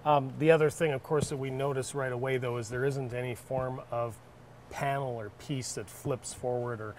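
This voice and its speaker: A man's voice: medium pitch, normal speed, slight background noise. Joking Canadian man reviewing a car. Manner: jokey, animated asides. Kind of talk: casual banter reviewing a vehicle.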